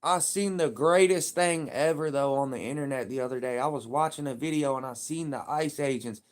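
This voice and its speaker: A man's voice: medium pitch, brisk. A man live streaming, talking in a casual, heated and profane rambling rant.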